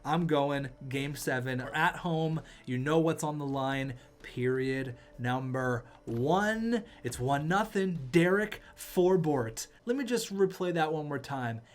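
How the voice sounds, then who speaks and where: A young man commentating his hockey video game, exasperated and sarcastic, swinging from groans to outbursts. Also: on the high side. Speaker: gaming YouTuber.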